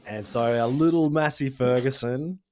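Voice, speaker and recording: A man's voice: mid-range voice, moderate pace, darkish tone. Aussie podcast host guy, mid voice, chatty joking storyteller. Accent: Australian. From Australia. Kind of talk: casual chat.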